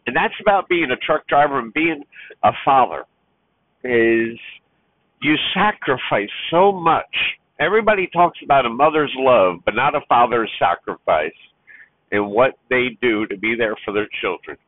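A man's voice: medium pitch, expressive, moderate pace, dry recording. A man who drives trucks talks heartfelt and near tears about being a father, rambling with restarts. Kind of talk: personal vlog monologue. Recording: tinny phone-like sound.

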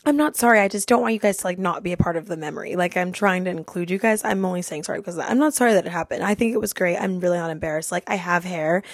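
Giggly young woman with gravelly fry. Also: on the low side, very fast, few pauses, dry recording, studio quality. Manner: laughing through a funny story. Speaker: podcast host. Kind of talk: casual storytelling.

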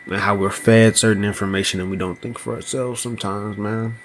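A man hosting a solo podcast, talking slowly and loosely, often asking "you know what I mean". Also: fairly low pitch, fairly even intonation, a little hiss or hum. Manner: slow, thoughtful delivery with small laughs. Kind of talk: casual solo podcast monologue.

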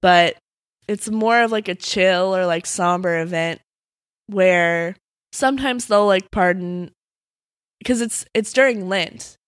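Relaxed woman retelling folk tales casually. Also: lowish voice, slow pace, smooth, dry recording, clean studio sound. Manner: relaxed, sleepy retelling with many fillers. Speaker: podcast co-host. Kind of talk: casual storytelling chat.

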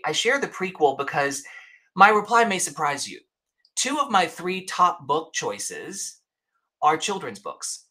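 Guest, male: emphatic storyteller, slightly high, bright forceful tone, restarts often. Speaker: podcast guest. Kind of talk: casual interview chat.

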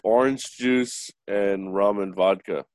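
A man's voice: fairly low pitch, takes it slowly, a little mellow, a little hiss or hum. A man with a child, joking around sarcastically in a casual chat. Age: adult with a child.

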